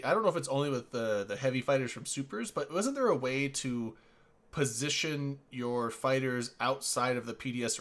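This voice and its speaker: A man's voice: mid-range voice, fairly bright tone. Hesitant man chatting casually. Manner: hesitant, thinks aloud with many fillers. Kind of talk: casual gaming chat.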